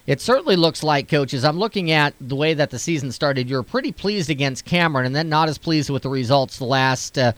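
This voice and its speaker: A man's voice: on the high side, expressive, fairly quick, few pauses, a bit bright, no room sound. A man hosting a radio sports interview, recapping results conversationally before asking his questions.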